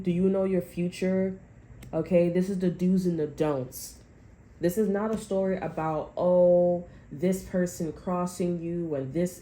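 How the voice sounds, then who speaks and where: A woman's voice: on the low side, mellow. A woman giving a casual, loose tarot reading to her viewers, swearing freely and talking through restarts. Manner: loose and profane, chatty, fillers and restarts. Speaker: tarot reader.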